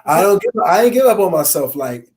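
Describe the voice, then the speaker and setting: A man's voice: on the high side, very animated, brisk, a little mellow. A man hosting a casual podcast, joking around with loose, profane banter. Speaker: podcast host. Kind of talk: casual chat.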